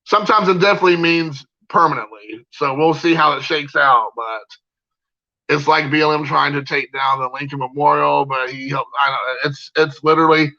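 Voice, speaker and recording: Gravelly man ranting heatedly. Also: a little high, fairly even intonation, normal speed, bright, forceful tone, muffled recording. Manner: heated, repetitive, many fillers. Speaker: card collector vlogger. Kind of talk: casual opinion rant.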